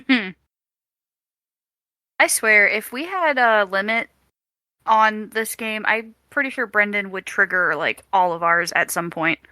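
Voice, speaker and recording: Bright, chatty woman with dry sound. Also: medium pitch, slow, long pauses, dry recording. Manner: chatty storyteller, filler "like". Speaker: player. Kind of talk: casual tabletop game chat.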